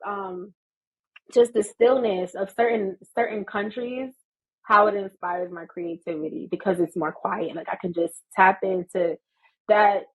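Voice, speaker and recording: An American woman in her thirties, a podcast guest telling stories in an animated, laughing way. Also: medium pitch, a little slow, husky, low-quality recording. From United States. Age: 30s. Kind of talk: casual storytelling chat.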